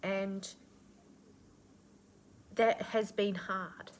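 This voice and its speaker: A woman speaks in an unhurried, drawn-out way as she channels a spiritual reading. Her tone is earnest and nurturing, with casual swearing among the affirmations. Her pitch sits in the middle of the range. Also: fairly even intonation, slight background noise. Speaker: intuitive reader.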